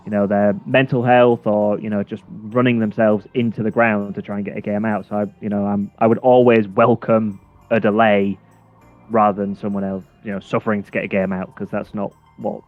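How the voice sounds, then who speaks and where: Co-host, male, lowish voice; chatty, meandering, lots of ums, muffled line. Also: flat delivery, brisk. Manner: rambling, many fillers and restarts, chuckling. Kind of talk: casual chat. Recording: dull lo-fi sound with faint music.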